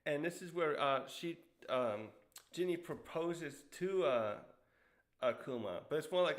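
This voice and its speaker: A man's voice: fairly high pitch, a little slow. A young man casually recapping a comic chapter, rambling with many fillers and acting out the characters' quotes in a raised voice. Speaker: manga reviewer.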